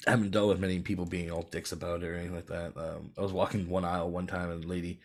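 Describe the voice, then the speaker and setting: A man chatting as a guest on a podcast in a relaxed way, laughing often and swearing casually. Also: sits low, rapid-fire. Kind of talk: casual chat.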